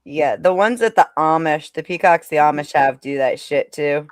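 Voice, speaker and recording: A woman's voice: deep voice, moderate pace, no room sound. A woman in casual chat who laughs often while she talks.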